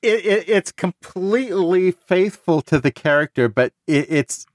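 A man's voice: high voice, expressive, a little slow, no room sound, clean studio sound. Enthusiastic man discussing books. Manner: enthusiastic, stumbles and restarts. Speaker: podcast host. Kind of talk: casual book discussion.

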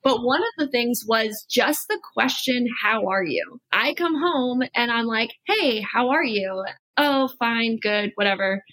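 A woman's voice: a little high, animated, measured pace, a bit bright, dry recording, low-quality recording. A woman guest, a life and love coach, chatting casually and acting out both sides of past conversations. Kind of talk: casual storytelling chat.

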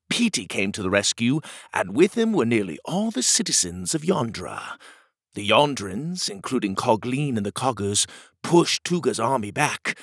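A man narrating a children's storybook adventure in an expressive, animated way. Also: mid-range voice, husky, dry recording.

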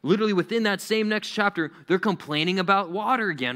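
A young adult man delivers a youth sermon in a bright, ringing voice that sits a little high. He is animated and acts out the voices he quotes. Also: normal speed. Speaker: youth pastor.

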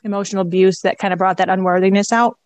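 A woman's voice: mid-range voice, steady tone, fast talker, dry recording. Middle-aged woman opening up on a podcast, candid and reflective, dry close sound, laughs here and there. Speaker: guest. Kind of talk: personal story in an interview.

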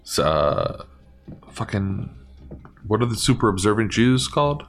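A man's voice: on the low side, big pitch swings, a little slow. A man hosting a podcast in a casual chat, rambling and swearing and laughing a lot. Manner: rambling, profane, laughing often. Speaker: podcast host.

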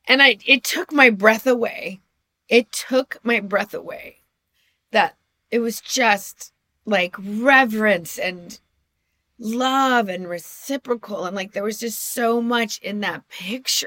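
A woman's voice: a little high, a little slow, bright, forceful tone, no echo, studio quality. A middle-aged woman co-hosting a podcast, telling personal stories in a chatty, self-deprecating way with frequent restarts. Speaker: podcast co-host. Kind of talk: casual storytelling chat.

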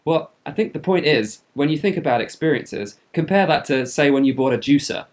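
A podcast co-host with a slightly high, expressive voice shares travel stories in casual chat. He speaks a little fast, in a chatty, jokey way.

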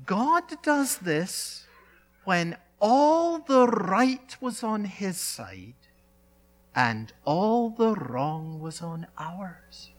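A male pastor delivering a sermon, speaking in emphatic phrases with dramatic pauses and repetition. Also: high-pitched, sing-song.

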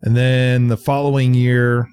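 A man in his thirties chatting casually about a horror film on a podcast. He talks in an animated, profane way, mocking the studio's thinking. His mid-pitched voice sounds dry and close, with no room around it. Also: measured pace, clean tone, dry recording. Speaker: podcast co-host. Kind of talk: casual movie review chat.

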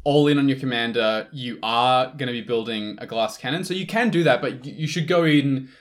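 A man co-hosting a casual podcast, talking in a relaxed, enthusiastic way. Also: mid-range voice, brisk. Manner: relaxed, enthusiastic, laughs easily. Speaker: podcast co-host. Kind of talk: casual chat about card games.

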